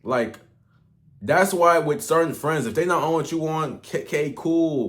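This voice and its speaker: A man's voice: fairly high pitch, measured pace. Slangy young man ranting to camera. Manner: slangy, profane, rambling with restarts and swings in loudness. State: out of breath. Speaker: online coach. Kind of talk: casual motivational rant to camera.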